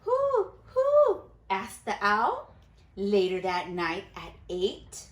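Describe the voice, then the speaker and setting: In a roomy-sounding space, a female teacher with a mid-range voice animatedly reads a picture book to her class and stops now and then to quiz the kids.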